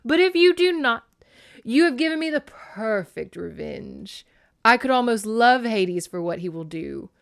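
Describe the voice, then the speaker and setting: A woman voicing a possessive, overbearing goddess mother who talks loudly and smothers her grown daughter. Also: on the high side, very animated, unhurried, creaky, exaggerated voice. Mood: vengeful.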